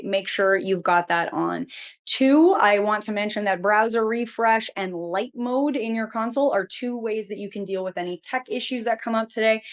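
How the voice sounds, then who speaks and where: A woman hosting a live webinar, upbeat and chatty, greeting audience members by name. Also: mid-range voice. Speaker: webinar host.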